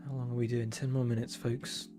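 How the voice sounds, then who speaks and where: A man's voice: medium pitch, flat delivery, a little fast, music in the background. A young man streaming, chatting casually while he draws, with dry self-deprecating humor. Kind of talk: casual chat while drawing.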